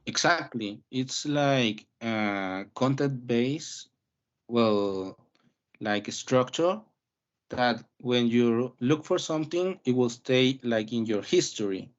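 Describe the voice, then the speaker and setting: Male English teacher, mid-pitched voice, encouraging explanations, muffled sound. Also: animated, slow. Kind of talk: online class questioning. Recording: dull muffled audio.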